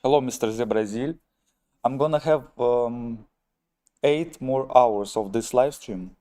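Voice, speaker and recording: A man with a strong Russian accent hosts a relaxed live stream, addressing his viewers as ladies and gentlemen. His voice is mellow and warm, and he sits in the middle range for pitch. He talks in a wry, self-mocking way. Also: a little slow. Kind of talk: casual live-stream chat, reading viewer comments.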